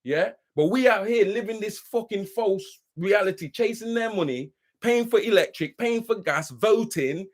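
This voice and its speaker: A man's voice: high voice, animated, moderate pace, few pauses. A man ranting heatedly and profanely on a live stream, worked up and preachy, who keeps asking if you understand. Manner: says he is worked up. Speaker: livestream host.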